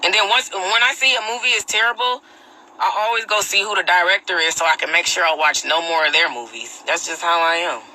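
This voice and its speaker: A woman's voice: lowish voice, fairly quick, sharp tone, a little hiss or hum, rough recording. A woman hosting her own phone livestream, ranting bluntly in slangy casual talk and answering viewer comments. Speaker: livestream host.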